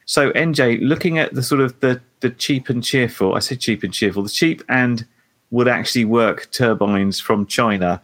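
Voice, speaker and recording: A man's voice: medium pitch, moderate pace, a bit bright. A man in a casual hobby chat, thinking aloud as he sets up a question.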